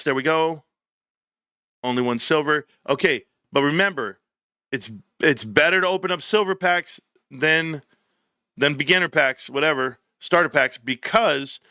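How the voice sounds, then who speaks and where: In clean, echo-free studio sound, a medium-pitched middle-aged man hosts a casual livestream chat. He tells stories bluntly and with animation, using lots of slang.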